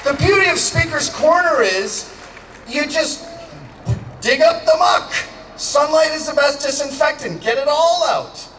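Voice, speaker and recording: A man from Canada giving a crude, joking outdoor rally speech, shouting to a crowd. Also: extremely high pitch, lively intonation, unhurried. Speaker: public speaker. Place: outdoor public gathering. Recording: echoey and distant, faint background noise.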